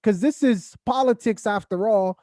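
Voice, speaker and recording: A man co-hosting a podcast, chatting casually in quick, animated bursts. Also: high voice, no echo, studio quality. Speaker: podcast co-host.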